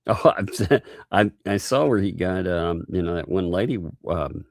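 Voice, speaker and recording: A man hosting a casual live stream, mocking the people he talks about, laughing often and putting on high voices to mimic them. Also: normal speed, no room sound, clean studio sound. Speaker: channel host.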